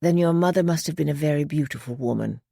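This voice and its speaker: A woman reading an audiobook, voicing a thin middle-aged British man with a British accent who speaks in a polite, well-modulated, measured way. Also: low voice, creaky, dark tone, husky, dry recording, clean studio sound, full character voice. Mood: courteous.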